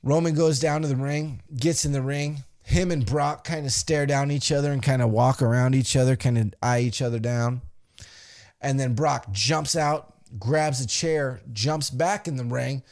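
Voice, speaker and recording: A man hosting a podcast, recapping a wrestling show with animated, profane storytelling and acted-out quotes. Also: mid-range voice, moderate pace. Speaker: podcast host.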